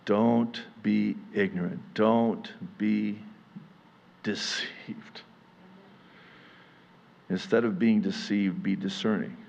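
A man's voice: fairly low pitch, creaky, breathy edge, muffled recording. Impassioned male pastor preaching a sermon. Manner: impassioned, rises to near-yelling then settles conversational. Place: church service.

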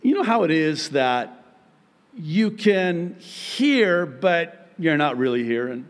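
Man preaching a sermon, unhurried delivery, punchy high emphasis, soft self-mocking asides. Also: sing-song. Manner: humorous, self-deprecating asides. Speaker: pastor.

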